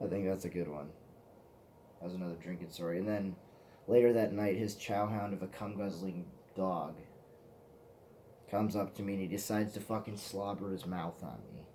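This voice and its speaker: A man's voice: low voice, fairly even intonation, normal speed, dark tone, slight background noise. A man telling rambling, profane stories to the camera in a casual vlog, often laughing at himself. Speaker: vlogger.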